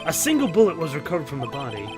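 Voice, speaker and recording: A man's voice: a little high, wildly swooping pitch, very fast, music in the background. A man playing a clumsy, eager male police detective in a hesitant, bumbling manner. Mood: earnest.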